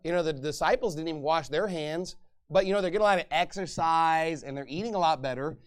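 A middle-aged man preaching a sermon as pastor, lively and conversational, acting out quoted voices and laughing now and then. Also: on the high side, fast.

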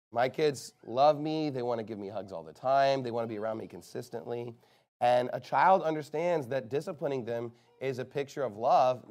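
A man preaching a sermon, moving between quiet, low passages and loud, emphatic ones and slowing down to stress key phrases.

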